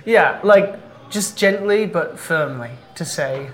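A man's voice: sits high, takes it slowly, a bit bright. A man playing a tabletop game, speaking casually and a little hesitantly. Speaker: player.

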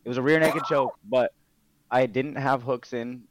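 The guest, a young MMA fighter and streamer, relaxes into stories during a casual interview, cursing freely with lots of fillers. He speaks at medium pitch and a moderate pace in a steady tone. The dull, lo-fi, dry recording carries a little hiss or hum.

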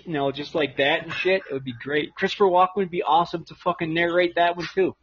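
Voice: mid-range voice, fairly even intonation, quick pace, few pauses, husky. Podcast co-host, crude jokes, frequent laughter, dull lo-fi sound. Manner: joking, laughs often. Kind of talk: crude casual chat. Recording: dull lo-fi audio with faint noise.

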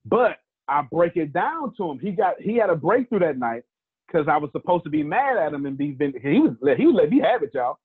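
Animated man teaching over a tinny line. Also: a little high, brisk, husky, dry recording. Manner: animated, colloquial, calls on listeners by name. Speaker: teacher and host. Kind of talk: live teaching talk with storytelling. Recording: tinny phone-like dry line.

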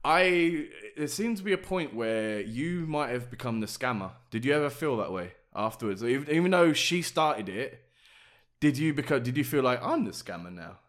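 Bright, lively man co-hosting a chat. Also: medium pitch, normal speed. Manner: teasing, asks follow-up questions. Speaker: podcast co-host. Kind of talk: casual chat.

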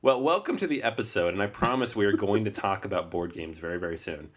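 Man from Seattle, board game podcast host, deep voice, casual banter. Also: fast. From Seattle, US Pacific Northwest. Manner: relaxed, laughs often, rambling asides. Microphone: remote call recording.

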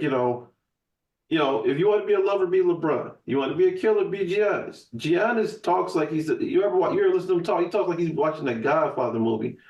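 A man chatting on a podcast, restarting sentences as he rambles on. His voice sits a bit high and comes from off the mic. The room around him rings with echo. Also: a little mellow. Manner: emphatic, profane, rambling with restarts. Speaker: podcast guest. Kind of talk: casual chat. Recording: echoey room, voice from far off the mic.

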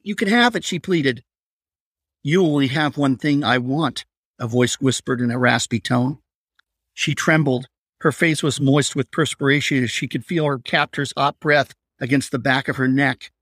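Male narrator for a dark crime tale, measured and steady, dry close sound. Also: mid-range voice, dry recording. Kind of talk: scripted story narration.

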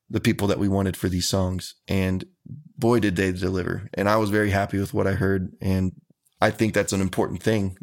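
A man, a country musician, answering interview questions in an earnest, folksy, measured way. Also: deep voice, creaky.

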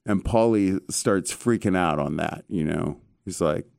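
A man hosting a casual chat, telling stories in an animated way with casual swearing. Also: deep voice, a little slow, gravelly, no room sound, clean studio sound.

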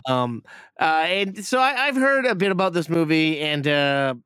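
A man's voice: on the high side, animated, normal speed, sharp tone, clean tone, no echo, clean studio sound. Rambling, cursing man on a podcast. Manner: rambling, profane, full of fillers. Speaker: podcast co-host reviewing a movie. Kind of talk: casual chat.

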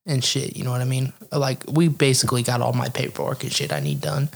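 A young man with a gravelly, creaky voice, talking loosely and profanely with a friend. He laughs a lot and jumps into quoted voices as he tells a story. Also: medium pitch, very animated, quick pace. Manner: laughs often, acts out quoted lines. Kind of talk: casual profane chat.

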